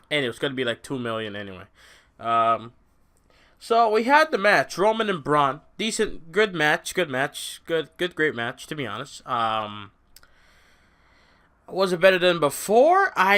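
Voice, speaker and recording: A man casually reviewing a wrestling show on his own vlog, excitable and rambling, often restarting his sentences. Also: on the high side.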